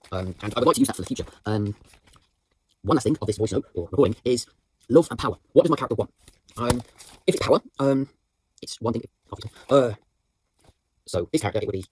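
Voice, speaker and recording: Fast-talking husky young man. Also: medium pitch, animated, a little mellow, no echo. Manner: rambling, many fillers and restarts. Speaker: drama student. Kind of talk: reflective voice note on acting practice. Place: indoors at home.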